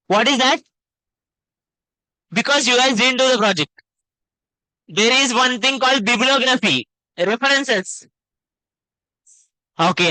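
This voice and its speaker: Guy teaching coding online, bright sharp voice, short repeated phrases, keeps saying okay? right?. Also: extremely high pitch, clear, resonant tone, dry recording, low-quality recording. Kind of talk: online web coding class.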